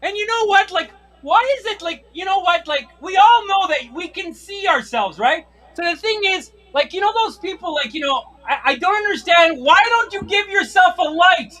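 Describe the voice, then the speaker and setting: A man's voice: very high voice, expressive, moderate pace, hardly any pauses, sharp tone. A middle-aged man doing a stand-up routine, ranting in exasperation with frequent swearing. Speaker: stand-up comedian. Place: comedy stage.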